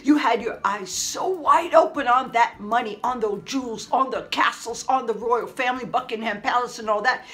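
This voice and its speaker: A woman's voice: a little high, a bit bright, soft background music, low-quality recording. A woman vlogger giving a casual, sarcastic commentary monologue, mocking the person she talks about and speaking straight to her. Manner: sarcastic, mocking, addressing the subject directly; repetitive, keeps saying "fast forward" and "move on".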